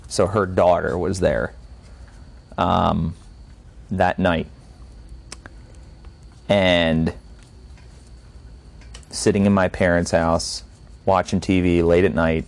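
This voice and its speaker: A podcast host with a lowish man's voice, telling a story in casual chat. He keeps it loose and unscripted and swears freely as he goes. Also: gravelly.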